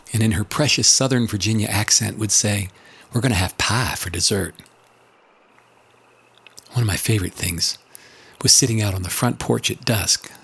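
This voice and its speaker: A man's voice: on the low side, vocal fry, breathy edge. An older man narrating in a reflective, scripted way, earnest and building rhetorical lists.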